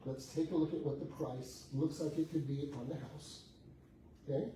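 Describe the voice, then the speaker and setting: A man's voice: on the high side, steady tone, moderate pace, warm tone. A man coaching a live group on selling houses, telling stories and acting out what clients said, with rhetorical questions. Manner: storytelling, acts out client dialogue, rhetorical questions. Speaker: real estate coach. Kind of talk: motivational talk to a live group. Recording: echoey room, heard from a distance, faint background noise.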